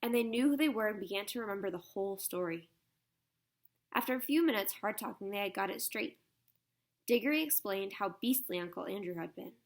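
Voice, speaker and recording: A woman narrating a children's storybook aloud in a soft, measured way. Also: medium pitch, creaky. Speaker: audiobook narrator.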